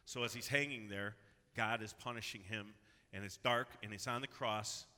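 A man preaching a sermon as pastor, earnest and building to loud, emphatic cries. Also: lowish voice, fairly even intonation, normal speed. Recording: long hall reverb.

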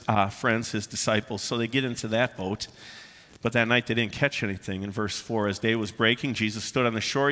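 A man's voice: mid-range voice, pushed and bright. A pastor preaching a sermon, emphatic and conversational, with frequent "uh" fillers as he works through the passage. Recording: long reverb of a large hall.

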